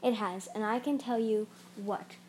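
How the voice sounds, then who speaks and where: A woman voicing a fierce, defiant young female dragon in a storybook reading, speaking loudly and pleadingly. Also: medium pitch, fairly even intonation, measured pace, a little hiss or hum, natural voice.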